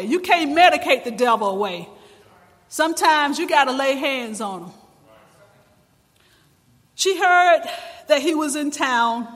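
A man preaching a sermon with passion, his voice climbing to shouts at times. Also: very high-pitched. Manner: impassioned preaching, rising to shouts. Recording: long reverb in a large hall.

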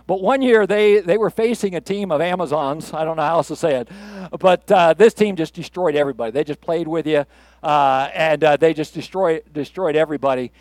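A man's voice: fairly high pitch, fairly quick, darkish tone, dry recording. A middle-aged man preaching a sermon in a conversational, playful way that builds to rousing emphasis. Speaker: pastor.

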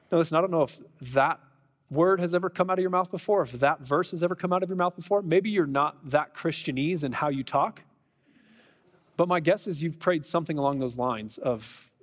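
A man's voice: on the high side, lively intonation, brisk, big-room sound. A man preaching a sermon in a conversational, emphatic way, with lots of rhetorical questions to the congregation. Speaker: pastor.

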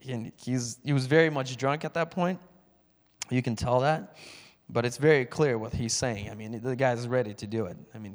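Man telling a testimony in a reverberant church. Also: medium pitch. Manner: storytelling, acts out phone calls with raised voice. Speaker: church speaker giving a testimony. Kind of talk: sermon testimony.

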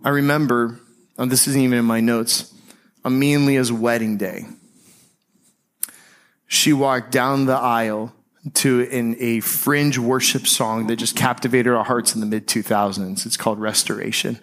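A man preaching a sermon as pastor, speaking conversationally and slowing and softening on key phrases. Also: mid-range voice, fairly even intonation.

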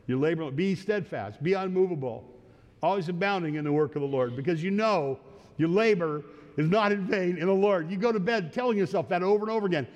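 A pastor delivers an earnest sermon, his fairly high voice sinking low and soft for quoted words, then lifting as he urges his listeners on. The sound trails off in the long reverb of a church sanctuary. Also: fast, highs cut off.

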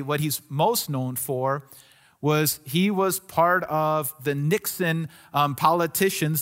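A man's voice: on the high side, a bit bright. A male pastor delivering a sermon in an earnest, conversational way, often restarting his sentences.

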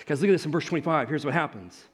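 Male pastor, high husky voice, lively chatty sermon delivery. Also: racing. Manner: animated, conversational preaching with asides.

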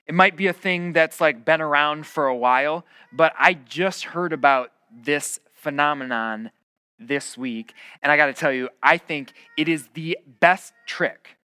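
A man's voice: a little high, a little slow, bright, forceful tone, clear, resonant tone, no room sound. A male pastor giving a conversational sermon, telling stories casually with fillers and restarts. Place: church.

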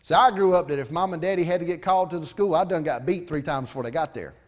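A man's voice: a little high, fast. A middle-aged pastor, preaching a folksy, conversational sermon with asides to his congregation.

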